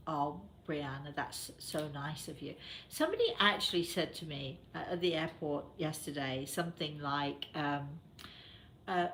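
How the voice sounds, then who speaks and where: A British woman hosts a call-in style show, chatting loosely with plenty of fillers and asides. Her voice sits somewhat low, and a faint hiss runs under the recording. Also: animated, normal speed. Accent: British English. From England. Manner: chatty, warm addressing listeners, many fillers. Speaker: host. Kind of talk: casual radio show talk.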